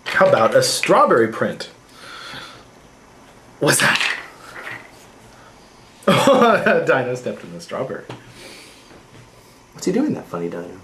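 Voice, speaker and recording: Playful dad in sing-song baby talk. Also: male voice, wildly swooping pitch, slow, pauses often. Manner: sing-song, exaggerated baby-talk with big swoops into a high voice. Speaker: father playing with his toddler. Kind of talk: playful home video chat with a small child. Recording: echoey room with loud background noise.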